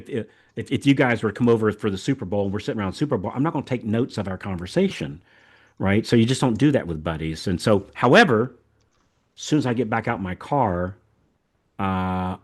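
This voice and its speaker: Older man from the American South hosts a podcast in a loose, folksy chat. His voice sits a little low, and he rambles with lots of repeated words and restarts. The talk stays easygoing throughout. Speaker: podcast host. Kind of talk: casual chat.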